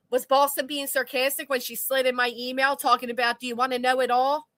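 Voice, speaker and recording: Sarcastic lady streamer reading chat, bright voice, kinda high. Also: level tone, moderate pace, dry recording. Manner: blunt, sarcastic, swears casually. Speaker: commentary channel host. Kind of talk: livestream commentary reading chat.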